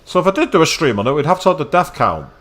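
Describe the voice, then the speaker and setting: Chatty man, lively tone. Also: fairly high pitch, very fast. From Manchester, England. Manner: chatty, wry asides while playing. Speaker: let's play streamer. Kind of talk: casual gameplay commentary.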